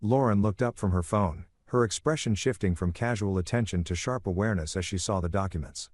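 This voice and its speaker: A man reading a first-person story aloud as narrator, in a measured, even storytelling manner. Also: lowish voice, dry recording, studio quality.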